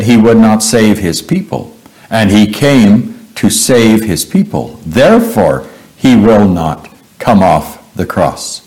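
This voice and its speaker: Male preacher, unhurried sermon, lots of pauses and "oh"s. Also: lowish voice, darkish tone, low-quality recording. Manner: slow and deliberate, with frequent "uh" pauses and "oh" exclamations.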